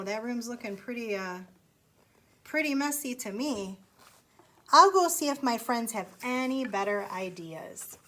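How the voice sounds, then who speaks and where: A woman's voice: medium pitch, a bit bright, slight background noise, poor audio. A woman reading a picture book aloud to children in a sing-song way, stopping to ask them questions. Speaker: storytime reader.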